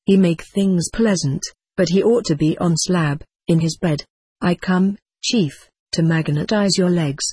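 A woman voicing a solemn male spirit guide who speaks in slow, halting, broken phrases. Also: on the low side, mellow, slightly rough, dry recording, studio quality. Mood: concerned. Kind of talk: audiobook reading.

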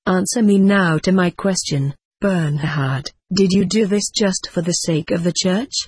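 A reader voicing a calm, forgiving woman spirit in a storybook reading, speaking softly and earnestly. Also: medium pitch, unhurried, husky, dry recording, clean studio sound. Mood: gentle.

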